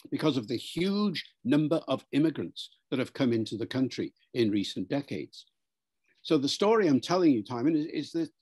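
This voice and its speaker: A man's voice: mid-range voice, darkish tone, slightly rough. Man explaining pronunciation in an interview. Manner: lecturing, demonstrates pronunciations aloud. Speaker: linguistics professor, interview guest.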